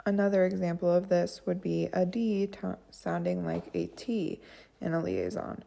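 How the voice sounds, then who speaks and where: A young woman giving a class presentation on phonology, unhurried and with frequent fillers. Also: on the low side, expressive, creaky, warm tone. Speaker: student presenter.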